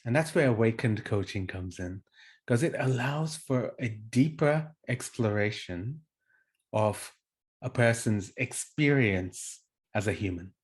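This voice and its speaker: A man hosting his own channel as a life coach, talking straight to viewers. His pitch swings widely and he sounds animated and expressive. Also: measured pace. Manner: animated, acts out example dialogues. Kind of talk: solo welcome talk to the viewer.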